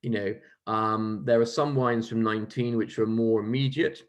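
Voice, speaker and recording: A wine merchant speaks in a lowish voice, hosting a virtual tasting. He is enthusiastic and relaxed, piling up ums, restarts and warm praise as he goes. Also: moderate pace. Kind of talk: casual virtual tasting talk.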